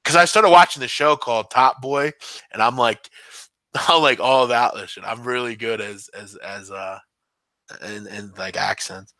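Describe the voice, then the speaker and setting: Chatty hesitant man, bright dry sound. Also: mid-range voice, normal speed, no echo. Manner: rambling, hesitant, lots of ums and restarts. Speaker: podcast host. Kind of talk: casual live-stream chat answering viewers.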